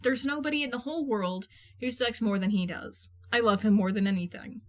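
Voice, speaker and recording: A woman reading fan fiction aloud in a casual, lively manner, swearing freely. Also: fairly high pitch, a little fast. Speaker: podfic reader. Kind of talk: fan fiction audiobook narration.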